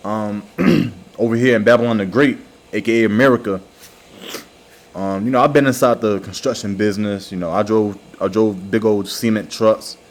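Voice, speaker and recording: A man giving an informal religious lesson, slowly repeating words and checking in with "all right" and "okay" after each point. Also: on the low side, steady tone. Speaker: religious teacher.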